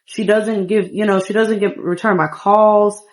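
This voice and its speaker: A woman's voice: mid-range voice, fairly even intonation, normal speed, natural voice. A woman voicing a tired but hopeful young single father in a life-sim game, talking in an earnest, venting way.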